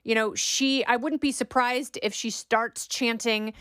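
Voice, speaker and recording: A middle-aged woman hosts a political podcast, delivering opinionated commentary with a sarcastic bite. Her voice is smooth and crisp, recorded close and dry in a studio with no room sound. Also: fairly high pitch, fairly even intonation, unhurried, a bit bright, dry recording. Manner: sarcastic, mocks quoted talking points in exaggerated voices. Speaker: podcast host.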